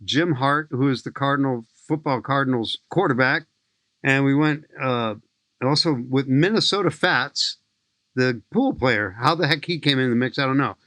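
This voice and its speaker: A man in his sixties from St. Louis, a skydiving instructor telling lively, enthusiastic stories as a podcast guest. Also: medium pitch, moderate pace, no room sound. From St. Louis, USA. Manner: enthusiastic, lively anecdotal storyteller. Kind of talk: animated storytelling in an interview.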